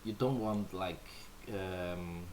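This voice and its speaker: Slow-talking Danish man chatting casually. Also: deep voice, a little mellow, slight background noise. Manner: chatty and playful, with many fillers. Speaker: livestream host. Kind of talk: casual chat answering viewers.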